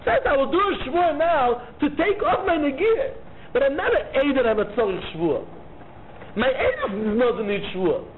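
A man teaching a Talmud lecture, arguing both sides of the case in an animated way and repeating key phrases. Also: extremely high pitch, moderate pace. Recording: tinny phone-like line with faint noise.

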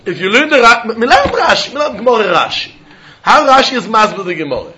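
Animated Talmud teacher with lilt. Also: male voice, extremely high pitch, fast. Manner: sing-song study-hall explaining, acting out both sides of a deal. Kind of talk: animated Talmud class lecture.

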